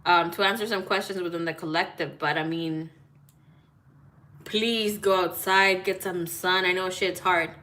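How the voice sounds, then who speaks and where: A woman's voice: on the low side, steady tone, unhurried, sharp tone. A woman talking casually to live viewers as a tarot reader, greeting people by name, cursing freely and slipping in Spanish greetings. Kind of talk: casual live-stream chat. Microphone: phone.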